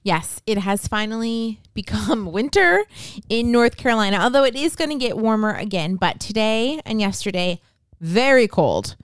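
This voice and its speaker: A woman co-hosting a casual travel podcast at home, agreeable and quick to laugh. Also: fairly high pitch, expressive, smooth, dry recording. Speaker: podcast co-host. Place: home room.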